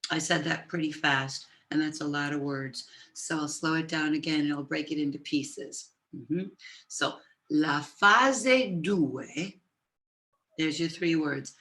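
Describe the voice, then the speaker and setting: A woman teaching Italian on a live stream, switching between Italian and English, greeting viewers and dictating phrases slowly. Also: sits low, level tone, fairly bright tone. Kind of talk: live-streamed language lesson. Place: home office with computers.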